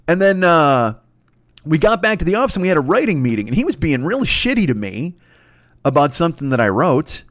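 Guy ranting through a swear-heavy work story, kinda high voice, dry close sound. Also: no room sound. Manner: profane, rambling, self-mocking. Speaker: podcast host; comedy writer. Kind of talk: casual storytelling.

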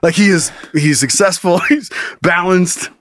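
A man's voice: unhurried, fairly bright tone, no echo. A young man co-hosting a comedy podcast, laughing a lot and acting out silly bits in put-on voices. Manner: laughs constantly, acts out bits in high voices. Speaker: podcast co-host. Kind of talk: casual comedic chat.

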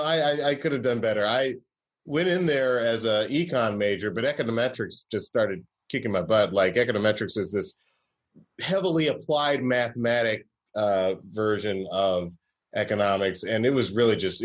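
A man from Georgia, a comedy writer, telling stories in a casual interview with a wry, rambling, self-correcting way of talking. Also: on the low side. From Southern US, Georgia.

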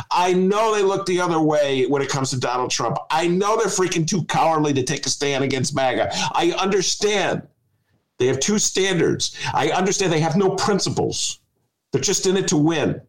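A man's voice: fairly high pitch, rough recording. A man hosting a political talk podcast, ranting emphatically in casual chat and joking with his co-host. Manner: animated, emphatic, ranting with jokes.

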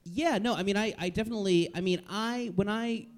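A man in casual comedic chat, wry and self-deprecating, often halting and restarting. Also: high-pitched. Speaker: podcast panelist.

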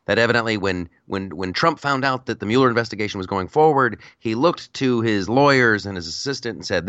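A man's voice: fairly low pitch, lively intonation, a little fast, few pauses, a bit bright, no echo, highs cut off. A man co-hosting a casual political chat podcast, rambling and repeating words as he tells stories. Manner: chatty storyteller, repeats words, laughs, puts on silly voices. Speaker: podcast co-host.

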